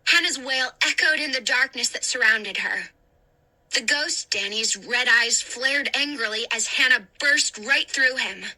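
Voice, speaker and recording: A woman reading a spooky story aloud in a slow, deliberate, dramatic way. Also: high voice, sharp tone, rough recording. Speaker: narrator. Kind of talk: audiobook reading.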